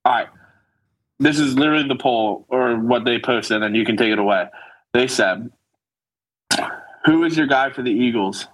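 A man's voice: medium pitch, normal speed, pauses often, a bit bright, low-quality recording. A man co-hosting a casual sports podcast, ranting in an exasperated way and swearing heavily. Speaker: podcast co-host. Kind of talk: profane casual sports chat.

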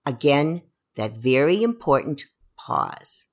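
Lively woman giving parenting advice. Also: fairly low pitch, moderate pace. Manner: expressive, acts out what parents and children say. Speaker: educational psychologist co-host. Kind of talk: podcast parenting advice chat.

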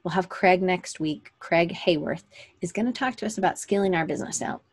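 A woman hosts a live online session for creative business owners, talking casually with a lowish, brisk voice. She rambles chattily, full of fillers and self-corrections, and there's a slight hiss or hum in the recording.

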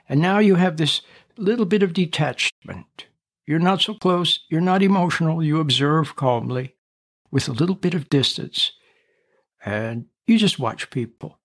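A man hosting a reflective radio talk, speaking in a calm, repetitive, teaching way. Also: a little high, vocal fry.

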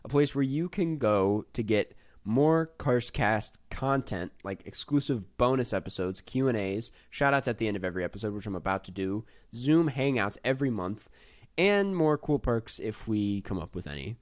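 A man's voice: on the low side, expressive, normal speed. Loose, laughing male podcast host. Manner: loose, lots of ums and laughs. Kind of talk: casual chat.

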